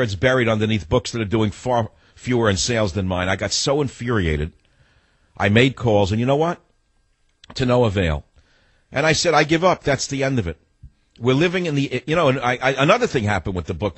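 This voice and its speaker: A man's voice: on the low side, husky, dry recording. A man in his sixties hosting a radio talk show, rambling through combative, digressive stories and opinions.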